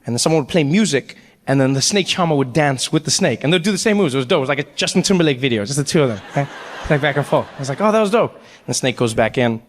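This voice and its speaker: A man performing stand-up comedy, telling a story with animated delivery. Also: medium pitch, very fast, in a large hall. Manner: animated storytelling, jumping into voices.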